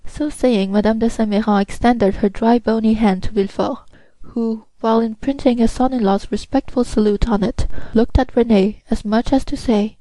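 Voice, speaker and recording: Mellow-voiced woman narrating an audiobook. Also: fairly high pitch, steady tone, normal speed, few pauses, no room sound, low-quality recording. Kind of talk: scripted narration.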